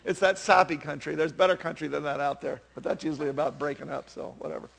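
A man's voice: fairly high pitch, fast, gravelly, a bit bright. A man in his fifties preaching a sermon in a chatty, self-deprecating way, telling stories with animation. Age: 50s.

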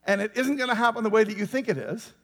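A man with a high voice preaches a sermon in a loose, conversational way. He keeps putting questions to his listeners and waits for their answers. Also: quick pace, a bit bright, long reverb tail. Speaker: pastor.

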